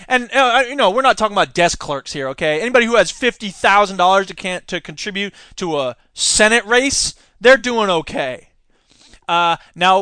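A man talks through the news on his podcast in a lively, sarcastic way, his voice sitting high and swinging up and down a lot. His tone is bright and forceful. The sound is dry and close, with no room around it. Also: no echo. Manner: animated, sarcastic, mocking voices for quoted people. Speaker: podcast host. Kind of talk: opinionated casual commentary.

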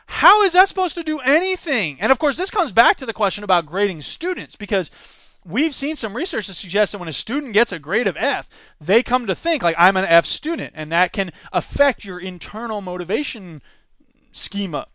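A man in his thirties with a notably high voice delivers opinionated commentary as a podcast host. He talks emphatically, reading passages aloud and then reacting to them. The sound is dry and close, with no room echo. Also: sing-song, a little fast, bright, forceful tone. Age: 30s.

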